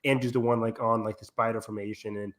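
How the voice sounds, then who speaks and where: A man co-hosting a casual movie review podcast, talking in an animated way with lots of filler "like". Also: lowish voice, fast. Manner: animated, piles on "like", full of fan enthusiasm. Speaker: podcast co-host.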